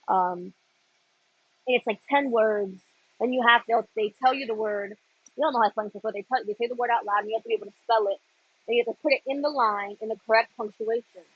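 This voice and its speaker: A young woman from Florida hosting a late-night livestream, chatting and telling animated stories as she works. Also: fairly high pitch, husky, no room sound, muffled recording. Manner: animated storytelling with laughs. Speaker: livestream host. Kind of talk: casual chat while working.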